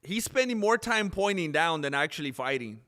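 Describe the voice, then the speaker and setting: A young man hosting a live stream, joking and reacting excitably as he comments on fights. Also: fairly high pitch, moderate pace. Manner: excitable, joking, laughs often.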